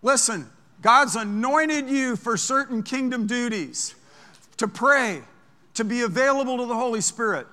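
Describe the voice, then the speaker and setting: A man preaching as a pastor, telling stories in an animated way that moves from hushed to loud. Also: extremely high pitch, measured pace. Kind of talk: storytelling sermon. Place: large church sanctuary. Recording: long church hall reverb.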